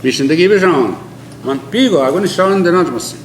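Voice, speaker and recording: An older man giving an oral history, earnest and emphatic, mixing an Indigenous language with English, often dropping to a low quiet tone. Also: lively intonation, brisk, slight background noise. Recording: echoey room with faint ambience.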